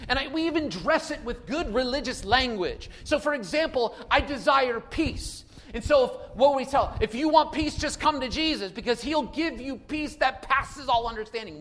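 High-voiced man preaching a sermon. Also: expressive, normal speed. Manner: preaching without notes, swings from soft asides to loud emphatic calls. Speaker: pastor.

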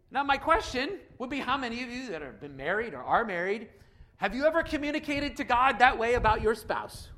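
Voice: medium pitch, very animated, normal speed, a bit bright. A pastor preaching a sermon in a conversational way, repeating key phrases for emphasis and speaking straight to the congregation.

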